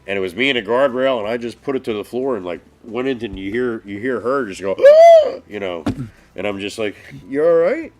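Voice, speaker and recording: A man on a casual live stream, telling road stories in an animated way and swearing a lot. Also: fairly low pitch, fast talker. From northeastern US. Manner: animated storytelling, heavy swearing. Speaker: podcast co-host.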